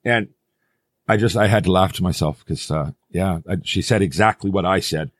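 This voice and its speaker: A man's voice: low voice, normal speed, no room sound, clean studio sound. A man hosting a podcast, telling stories in a loose, rambling way with some swearing. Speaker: podcast host. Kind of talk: casual podcast chat.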